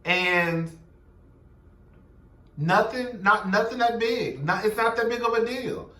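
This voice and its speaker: A man's voice: sits high, slow, pushed and bright, reverberant, distant mic. A young man giving a sassy, blunt, profane recap of a reality TV episode, gossiping and quoting the cast. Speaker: show recap commentator.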